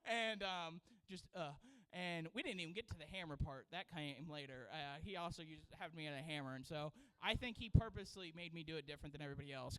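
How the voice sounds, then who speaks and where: A man who is a children's pastor, preaching a sermon and telling a story in an animated way with frequent laughter. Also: high voice, smooth, low-quality recording. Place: church sanctuary.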